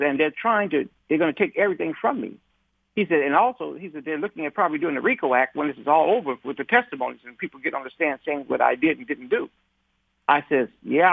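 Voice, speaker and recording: Husky man on a tinny phone line. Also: a little high, no echo. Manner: repeats words and restarts often, acts out quoted dialogue. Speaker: civil rights activist guest. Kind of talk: conversational storytelling.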